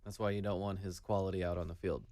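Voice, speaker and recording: A man's voice: deep voice, little pitch movement, quick pace, a little mellow, no room sound. A man hosting a casual sports chat, who asks lots of questions and teases the others. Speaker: podcast host.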